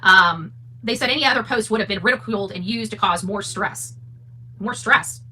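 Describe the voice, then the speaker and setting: A woman's voice: mid-range voice, a little fast, slightly rough, poor audio. A woman hosting a casual livestream, reading posts aloud and answering them with heated sarcasm. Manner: heated, sarcastic, rising to near-shouting. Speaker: livestream host.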